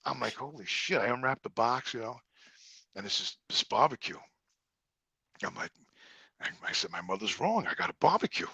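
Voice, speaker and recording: A middle-aged man with a New Jersey accent, his voice gravelly and bright, telling profane stories in a casual sit-down interview. He acts out every line of quoted dialogue with animation. The sound is dry and close. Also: mid-range voice, very animated, moderate pace, pauses often, no room sound. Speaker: guest.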